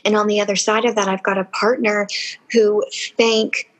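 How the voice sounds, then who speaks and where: Breathy woman sharing something personal on a podcast, slow and earnest. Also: mid-range voice, flat delivery, rough recording. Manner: earnest, emotional, slow and deliberate. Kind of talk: intimate podcast conversation.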